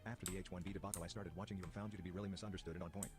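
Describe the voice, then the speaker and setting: A low male synthetic voice reads viewer donation messages on a livestream. It rattles through each message at a very fast, monotone clip. Loud music plays behind it.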